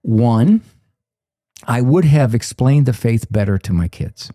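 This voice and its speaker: In a conversational interview, an older psychologist guest tells animated stories, performing the voices of the people he quotes. He speaks slowly in a mid-range voice, and the studio-quality recording has no room sound.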